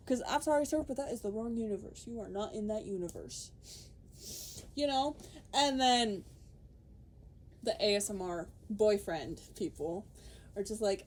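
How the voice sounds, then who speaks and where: A young woman rants her way through a casual podcast chat, swearing freely and laughing as she goes. Her pitch jumps around a lot, and her tone stays mellow and warm. She keeps slipping into quick put-on voices when she quotes people. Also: expressive.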